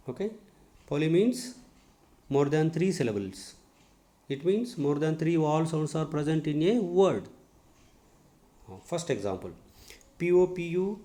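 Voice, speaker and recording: Slow, echoey English teacher man. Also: fairly high pitch, dark tone. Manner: spells words letter by letter, repeats words slowly. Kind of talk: classroom lesson on syllables. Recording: echoey room.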